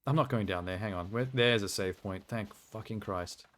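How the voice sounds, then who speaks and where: A man's voice: lowish voice, moderate pace, a bit bright. A man streaming a video game, chatting casually and rambling through asides with a self-deprecating humor. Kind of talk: casual live-stream commentary.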